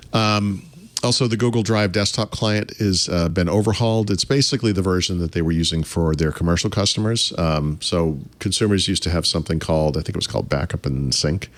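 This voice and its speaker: A man's voice: deep voice, no echo. A man co-hosting a casual tech podcast, talking in a rambling, self-interrupting way and chuckling at his own jokes. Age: adult. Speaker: podcast co-host.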